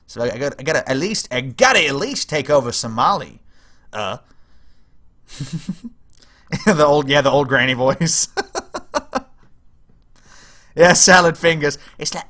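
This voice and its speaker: A young man talks through a strategy game on a livestream, giggling and rambling as he chats with viewers. His voice is bright and lively, swinging widely in pitch. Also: moderate pace, pauses often. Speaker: streamer playing a strategy game. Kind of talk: casual livestream commentary.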